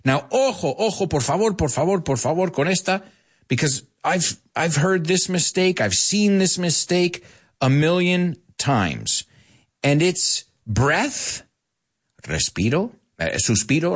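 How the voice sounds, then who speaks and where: A man's voice: on the high side, slightly rough. A man hosting a live English lesson, playful and joking with viewers, slipping Spanish phrases into his explanations. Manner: playful, animated, jokes with viewers. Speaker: English teacher and show host.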